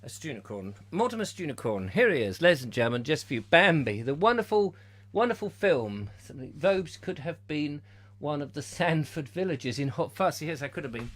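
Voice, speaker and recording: A man's voice: on the high side, sing-song, brisk. A man hosting a comic live chat show, rambling and silly in his banter. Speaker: host.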